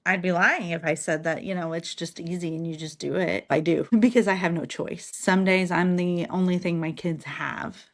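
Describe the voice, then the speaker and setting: Low gravelly-voiced mom on a podcast, earnest, candid, talks about faith. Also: female voice, steady tone, moderate pace, few pauses. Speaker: podcast guest, single mother. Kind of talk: emotional personal interview.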